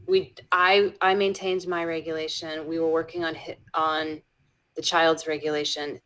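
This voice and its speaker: Lady educator guest telling a story, kinda low voice, keeps restarting, whispers the quotes. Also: low-quality recording. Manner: drops into soft whispers when quoting, frequent restarts. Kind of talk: storytelling in a conversational interview.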